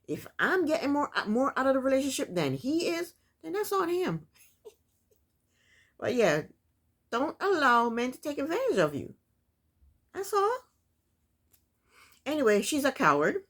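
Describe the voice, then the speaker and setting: Chatty woman doing a tv recap vlog, opinionated, voice jumps all over the place when she gets going. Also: mid-range voice. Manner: opinionated, chatty, talks straight to viewers. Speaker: TV recap vlogger. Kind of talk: casual recap commentary.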